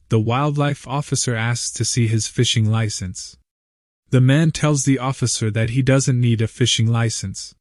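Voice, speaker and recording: A man's voice: mid-range voice, a little mellow, no echo. Man narrating jokes over faint music. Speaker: joke channel narrator. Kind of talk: scripted joke narration. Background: faint background music.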